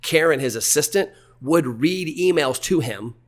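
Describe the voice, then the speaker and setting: A man's voice: on the high side, animated, moderate pace. Blunt, candid man telling business stories. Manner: blunt and candid, with casual swearing. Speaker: podcast guest, marketer. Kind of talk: casual storytelling.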